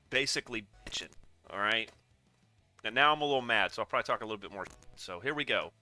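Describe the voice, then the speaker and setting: A man's voice: mid-range voice, normal speed, pushed and bright, smooth. A man casually reacting to a video, rambling and sarcastic, often getting worked up and swearing. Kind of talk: casual profane reaction commentary.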